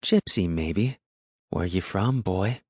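A man's voice: sits low, lively intonation, slow pace, a little mellow, husky, no echo, studio quality, heavily acted. A man voicing a coarse, hostile middle-aged farm woman with a drawl and a harsh, mocking way of speaking. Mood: prying.

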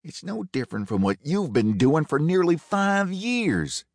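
A man's voice: fairly high pitch, sing-song, measured pace, no room sound, voice pushed up, exaggerated voice. A man voicing a blunt Confederate colonel who barks orders at his raiders with a dry drawl. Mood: commanding.

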